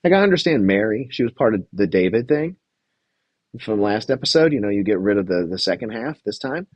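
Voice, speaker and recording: A man's voice: lowish voice, lively intonation, brisk, darkish tone, no echo, lo-fi sound. A young man hosting a casual show recap, rambling and swearing with lots of fillers while reading chat aloud. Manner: reads live chat aloud. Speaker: podcast host reviewing a reality show.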